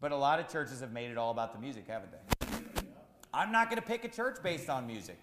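A man's voice: medium pitch, sing-song, brisk, reverberant, in a large hall, background noise. A man preaching a sermon as pastor, firing rhetorical questions in a repetitive, emphatic cadence.

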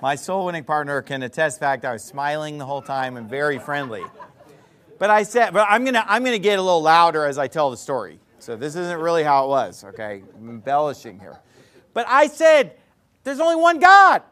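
High-voiced man preaching with emphatic storytelling. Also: expressive, a little fast. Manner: emphatic storytelling, swinging from loud outbursts to quiet asides. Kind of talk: sermon.

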